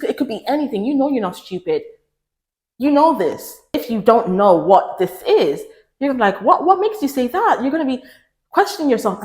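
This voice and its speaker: A woman giving relationship advice to the camera in an emphatic, preachy way, repeating lines for stress. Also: roomy sound. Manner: mimics others in raised pitch. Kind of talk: direct-to-camera advice talk.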